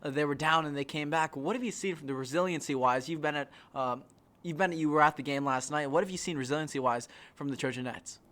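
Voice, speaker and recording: Fast-talking upbeat sports podcast man. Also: on the high side, a bit bright. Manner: upbeat, asks co-host questions. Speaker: podcast co-host. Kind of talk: casual sports chat. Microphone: studio microphone.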